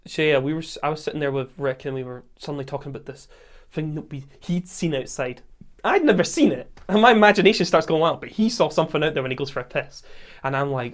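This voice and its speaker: A man with a Scottish accent, hosting a podcast and telling a camping story in a casual, animated way, acting out quotes and laughing often. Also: fairly high pitch, fast talker. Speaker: podcast host.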